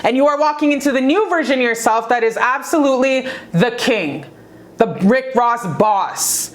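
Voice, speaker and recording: Woman, slightly high voice, tarot reader, casual to camera, emphatic, swearing, hyped pep talk. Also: animated, moderate pace. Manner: emphatic, profane, pep-talk delivery with swings in pitch. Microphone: talking to camera.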